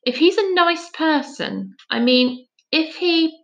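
A woman's voice: expressive, takes it slowly, creaky, a bit bright, muffled recording, heavily acted. A woman voicing an upset, impatient boy in a storybook reading, pleading and urgent in a raised voice. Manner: pleading, urgent, higher-pitched.

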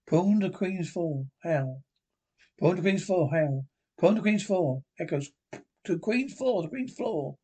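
A man's voice: fairly high pitch, a little mellow. A man reading a TV script aloud, voicing every part plainly and adding stage notes. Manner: reads all parts plainly with stage notes. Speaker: narrator.

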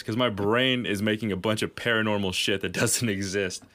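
A man with a fairly low voice tells long, rambling stories on a casual podcast. He swears freely and laughs at his own tales. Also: fairly even intonation, brisk, a bit bright. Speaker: podcast co-host. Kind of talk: casual storytelling chat.

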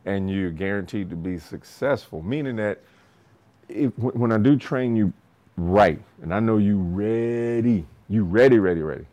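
A man's voice: fairly low pitch, normal speed, highs cut off. A man coaching boxing, chatting casually about his students, swearing freely and laughing often. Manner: animated, laughs often, acts out other people's lines; swears freely, loose restarts. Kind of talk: casual storytelling podcast talk.

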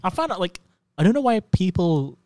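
A man's voice: high-pitched, very animated, a little fast, darkish tone, dry recording. A young man chatting casually about movies, rambling and giggly, often going off on tangents. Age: young adult.

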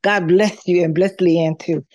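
A woman's voice: lowish voice, steady tone, a little slow, a little mellow, no echo. A woman calling in to a video call podcast, speaking fervently like a preacher giving blessings. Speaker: caller, friend. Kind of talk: casual chat on a video call.

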